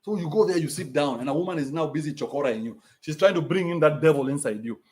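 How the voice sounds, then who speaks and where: A man's voice: on the high side, fast talker, a little mellow. A man with a Kenyan accent hosting a livestream, reading out donations and ranting bluntly with plenty of profanity.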